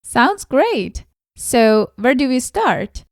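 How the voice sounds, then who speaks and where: Slow, expressive woman in role-play. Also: sits high, no room sound, studio quality. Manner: expressive, reacting with exaggerated emotion. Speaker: co-host in lesson role-plays. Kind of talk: scripted role-play dialogue.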